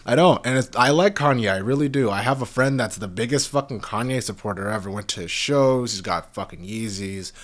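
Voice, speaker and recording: A man's voice: medium pitch, fairly quick, few pauses. A young man hosting a podcast, ranting in a rambling, heated way and swearing heavily. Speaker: podcast host. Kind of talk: profane casual podcast rant.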